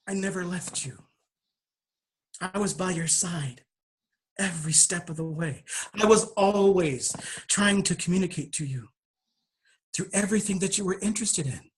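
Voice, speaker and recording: A man voicing a calm, gentle divine spirit who speaks softly and reassuringly. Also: high-pitched, unhurried, long pauses, slight background noise. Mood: tender. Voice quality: hushed and soft.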